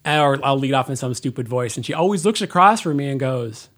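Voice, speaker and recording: A man's voice: medium pitch, lively intonation, a little fast, a bit bright. A playful man co-hosting a podcast, teasing his partner and reading listener letters aloud. He talks into an old-school microphone in a large sound studio. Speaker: podcast co-host. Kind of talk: casual chat. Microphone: old-school studio mic.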